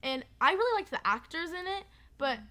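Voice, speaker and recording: A woman's voice: extremely high pitch, big pitch swings, a little fast, sharp tone. A teenage girl co-hosting a school podcast, chatty and giggly, with plenty of "like.". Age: teens. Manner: chatty, giggly, uses "like" a lot. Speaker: podcast co-host. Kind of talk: casual chat on a school podcast.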